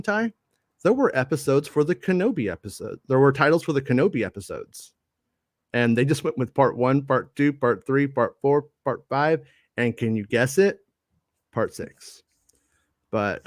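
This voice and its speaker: A man's voice: mid-range voice, no room sound, clean studio sound. A man hosting a casual live show, reading viewer comments aloud in a rambling way, with lots of stammered restarts and self-deprecating asides. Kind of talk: casual live-stream chat.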